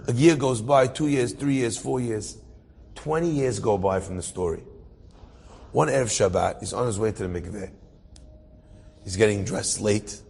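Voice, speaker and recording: A male rabbi tells a story with a slightly husky, breathy voice. He speaks at an even, middling pitch and acts out the characters with rising emotion. The sound carries a long reverb, as if he is in a large hall. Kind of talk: storytelling talk.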